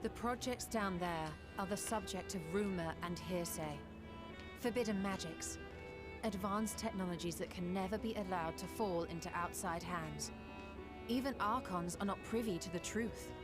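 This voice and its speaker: Woman voicing a grave fantasy narrator, steady, violin music behind. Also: mid-range voice, moderate pace, lightly acted. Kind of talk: scripted game narration. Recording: game audio with string music.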